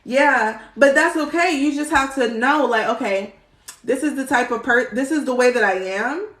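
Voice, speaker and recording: A young woman hosts a spiritual livestream from an indoor room, chatting casually with lots of slang, free swearing and frequent laughter. Her voice sits high with a fairly bright tone at a moderate pace, and the recording has a roomy echo.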